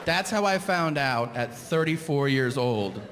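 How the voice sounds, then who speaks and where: A middle-aged man works a stand-up crowd, ranting through a story and playing out every line of the dialogue himself. His pitch jumps and swoops all over. The sound carries the long reverb of a big theater, with clear crowd noise behind him. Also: animated, a little slow. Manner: ranting storyteller, acts out both sides of dialogues. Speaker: stand-up comedian. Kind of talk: stand-up comedy set. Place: large theater stage. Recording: live venue reverb with crowd. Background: audience laughter.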